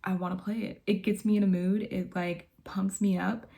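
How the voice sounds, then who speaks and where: A woman's voice: mid-range voice, level tone, moderate pace, vocal fry, mellow. A woman vlogger chatting casually from her bedroom, gushing and laughing often as she talks. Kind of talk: casual chat.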